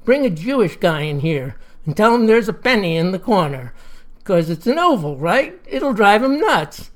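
A drowsy, grumbling old man in a told story, as a woman puts him on. He complains in a slow, cranky drawl. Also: mid-range voice, very animated, close to an everyday voice.

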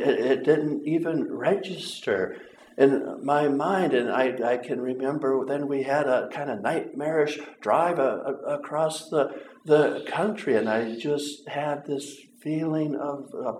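A man preaching a sermon, earnest and halting, with repeated words and long pauses. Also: mid-range voice, a little mellow. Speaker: pastor. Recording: roomy echo.

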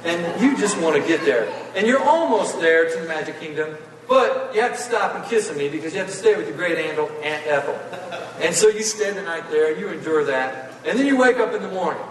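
A man's voice: high voice, expressive, brisk, distant mic, slight background noise. A male preacher telling a folksy, playful story during a sermon. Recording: echoey hall, voice from afar.

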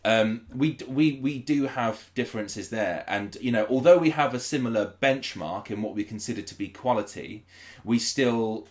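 A man's voice: mid-range voice, normal speed. A man hosting a casual podcast chat, telling stories animatedly and quoting himself. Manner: animated storyteller, quotes himself. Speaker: podcast host, battle rapper.

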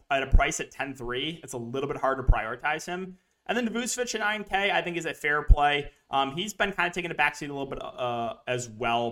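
Bright-voiced man breaking down fantasy picks. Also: medium pitch. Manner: rambling, animated storytelling with frequent fillers. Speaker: DFS analyst host. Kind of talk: casual sports betting podcast talk.

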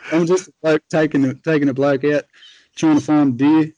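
A man's voice: on the high side, fairly even intonation, a little slow, dark tone, no echo, dull audio. An Australian man telling a long hunting story in a laid-back, rambling way, full of fillers. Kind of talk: casual storytelling.

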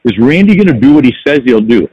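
A man's voice: medium pitch, big pitch swings, fast talker, dry recording, highs cut off. An older man, a sales professional and podcast guest, telling stories in a reflective way with many restarts. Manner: reflective storytelling with frequent restarts. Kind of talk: casual podcast conversation.

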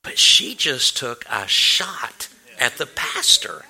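A man's voice: medium pitch, big pitch swings, slow, pushed and bright, husky. A male pastor telling a personal story in a sermon, earnest and anecdotal, with many restarts and fillers.

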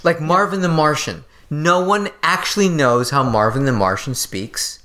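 A woman's voice: sits low, normal speed, fairly bright tone. A woman co-hosting a podcast, bantering playfully and joking in casual chat. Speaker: podcast co-host.

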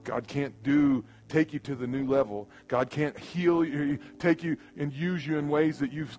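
A man preaching a sermon in a church room, who moves from loud bursts to quiet, earnest passages and acts out the voices he quotes. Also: fairly high pitch, steady tone, unhurried, hardly any pauses, soft background music. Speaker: pastor.

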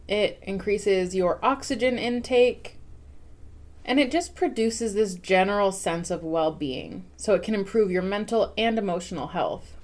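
A woman's voice: medium pitch, darkish tone. A young adult woman hosting a solo podcast, talking casually with lots of fillers and easy laughter. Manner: chatty, informal, many fillers, laughs easily. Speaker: podcast host.

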